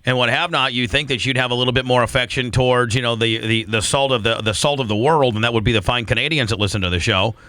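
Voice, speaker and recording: Fast-talking male radio host. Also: mid-range voice, sharp tone, no room sound. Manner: rambling, repeats himself. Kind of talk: casual radio banter.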